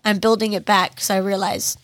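A woman on a podcast telling her story in an emotional interview, halting and apologetic, close to tears. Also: medium pitch, flat delivery, no room sound. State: on the verge of tears. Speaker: podcast guest. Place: podcast studio under lights.

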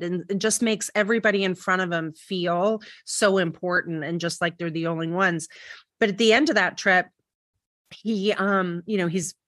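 A woman co-hosting a podcast, telling a story in casual, animated chat with many restarts. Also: lowish voice, no room sound, studio quality. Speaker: podcast co-host.

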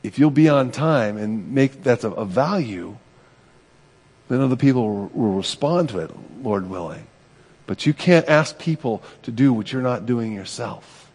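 A man's voice: mid-range voice, a little mellow. Man preaching conversationally in a reverberant hall. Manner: conversational, self-deprecating preaching with rhetorical "right?". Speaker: pastor. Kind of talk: sermon.

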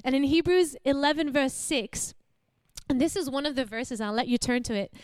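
A young Australian woman preaching a sermon in a lively, conversational way, asking her listeners questions and laughing easily. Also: high voice, normal speed, dry recording. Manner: warm, animated, laughs often, asks the audience questions.

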